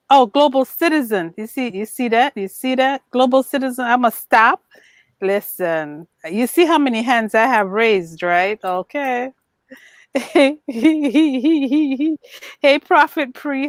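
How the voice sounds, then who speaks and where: A woman's voice: a little high, no echo. A woman co-hosting a casual livestream chat, playful, laughing often and greeting viewers by name. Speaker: livestream co-host.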